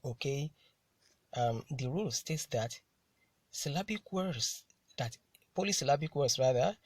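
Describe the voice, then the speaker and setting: A man teaching English word stress, saying each word slowly and repeating it for the learner to copy. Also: mid-range voice, animated, breathy edge, dry recording. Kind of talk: slow drilled pronunciation lesson.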